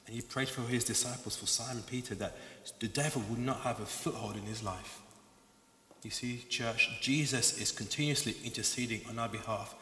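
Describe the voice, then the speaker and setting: A man's voice: mid-range voice, fairly even intonation, moderate pace, bright, forceful tone, a little hiss or hum. A man preaching a sermon to his church, passionate and emphatic, stacking phrase after phrase. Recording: echoey hall with long reverb.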